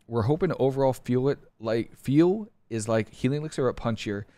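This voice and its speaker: A man's voice: medium pitch, no room sound. Rambling opinionated man, dry close mic. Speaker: streamer reviewing game patch notes. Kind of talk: casual commentary.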